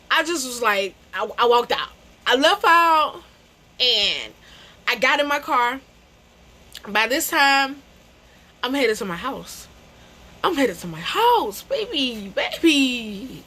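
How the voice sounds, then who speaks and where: A woman's voice: high voice, sharp tone. A young adult woman telling a storytime to camera, emphatic and slangy, repeating phrases and calling people bro. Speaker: vlogger. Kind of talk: animated storytime.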